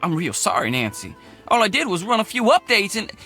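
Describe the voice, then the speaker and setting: A man's voice: high-pitched, wildly swooping pitch, fairly quick, pushed and bright, husky, faint music behind, exaggerated voice. An actor playing an easygoing, apologetic middle-aged male mechanic who talks in a folksy rural drawl, in a video game. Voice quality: rural drawl, slangy grammar.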